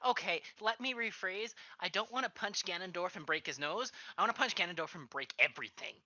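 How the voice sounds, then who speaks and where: A woman playing a tabletop role-play game, expressive and exasperated, often laughing. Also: lowish voice, a little fast, no room sound, highs cut off.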